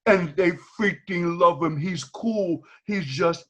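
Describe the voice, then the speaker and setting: Speaking slowly in a high-pitched voice, this older former teacher from Boston joins a video call as a guest and shares frank stories. He performs each character's lines and breaks into laughter frequently. The recording has a dull quality.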